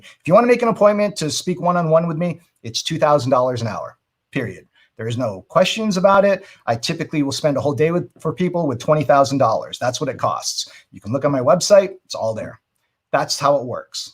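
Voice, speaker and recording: A man's voice: on the high side, slightly rough. A middle-aged man teaching marketing in a live seminar, persuasive and emphatic, often checking in with rhetorical questions. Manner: emphatic with frequent asides. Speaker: webinar marketing trainer.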